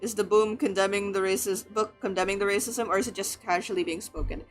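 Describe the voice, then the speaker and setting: A woman's voice: medium pitch, steady tone, fast talker, faint music behind. A young woman from the Philippines chatting casually about a book, rambling with lots of fillers and laughter. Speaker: streamer.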